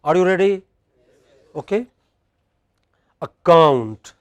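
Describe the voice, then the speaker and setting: A man with an Indian English accent teaching in a classroom, leading a drill and stressing each word loudly for the class to repeat. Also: a little high, unhurried.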